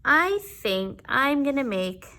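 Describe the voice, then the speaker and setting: A woman teaching young children their letters in a patient, sing-song way, sounding out each letter slowly. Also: high voice, sing-song, pushed and bright. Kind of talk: teaching a children's alphabet lesson.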